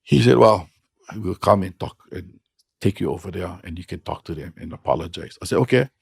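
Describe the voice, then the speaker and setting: Here the Hawaiian-accented hula teacher, a middle-aged podcast guest, speaks a little fast in a low, creaky voice with a breathy edge. He shares stories in casual, blunt, frank talk, captured in a clean, dry studio.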